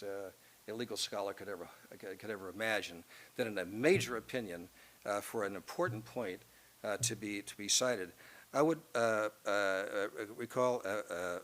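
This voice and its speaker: A man's voice: lowish voice, moderate pace, fairly bright tone. A male law professor giving a lecture to a room, reading from a court opinion and breaking off into asides full of hesitations and restarts.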